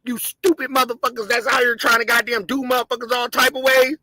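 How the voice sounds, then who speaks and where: A man hosting a show, giving heated, profane commentary on video footage and often breaking into shouts as he talks to his viewers. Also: very high-pitched, little pitch movement, fast, no echo, low-quality recording. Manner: impassioned, shouting, profane, addresses viewers as gang.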